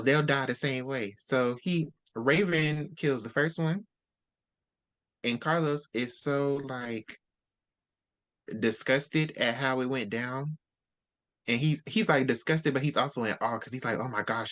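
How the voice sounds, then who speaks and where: A host in a casual book discussion, retelling the story with lively quoted character lines. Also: mid-range voice.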